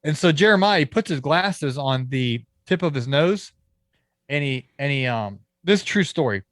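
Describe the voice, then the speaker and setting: A man, a landscaping business owner, telling a story as a podcast guest, lively and acting out the people he quotes, with frequent restarts. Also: a little high, normal speed, dry recording, clean studio sound. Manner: animated storyteller who acts out quoted dialogue. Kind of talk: casual storytelling interview.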